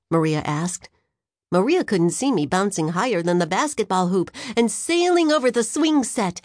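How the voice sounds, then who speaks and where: A woman narrating a children's audiobook in an expressive storytelling manner, recorded on a studio microphone. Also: on the low side, normal speed, dry recording.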